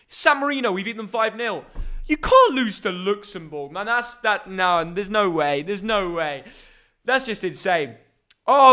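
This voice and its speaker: Young English man, high bright voice, clear, chatty live-stream banter, excitable. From England. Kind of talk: live football reaction stream.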